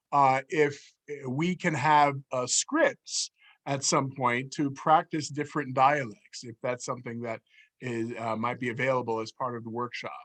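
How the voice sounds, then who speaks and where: A man's voice: mid-range voice, a bit bright. A man moderating an online workshop, politely and hesitantly reading questions from the chat with many fillers. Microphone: video call.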